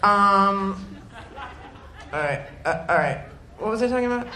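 A woman's voice: medium pitch, expressive, a little slow, pushed and bright, a faint crowd. A woman doing stand-up in a comedy club, rambling and self-deprecating, with sarcastic asides. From Detroit area, Michigan. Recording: echoey club with ambient noise.

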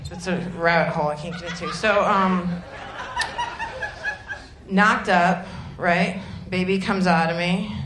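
A woman's voice: fairly low pitch, fairly even intonation, a little slow, long pauses. A woman doing stand-up in a comedy club, rambling and self-deprecating, with sarcastic asides. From Detroit area, Michigan. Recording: echoey club with ambient noise.

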